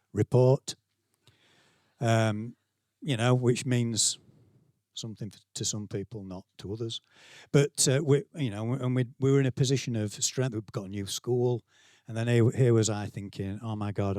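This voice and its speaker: A man's voice: medium pitch, dark tone, no echo, clean studio sound. A middle-aged man with a Yorkshire accent giving a conference talk to staff, conversational and self-deprecating, acting out quotes as he tells stories. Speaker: keynote speaker, school leader. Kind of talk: conference talk, anecdotal storytelling. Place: conference venue, speaking to staff.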